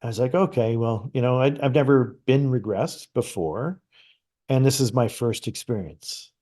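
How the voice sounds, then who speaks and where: A man's voice: mid-range voice, normal speed. Chatty middle-aged man telling a story. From Canada. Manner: animated, lively retelling with frequent restarts. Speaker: guest psychic medium. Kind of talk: casual conversational storytelling.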